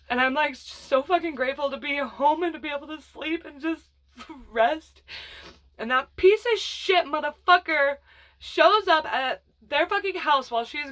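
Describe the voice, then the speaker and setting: High-voiced woman, blunt and profane. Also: fairly bright tone. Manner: blunt and profane, rambling with fillers. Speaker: vlogger telling her life story. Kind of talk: casual personal storytelling.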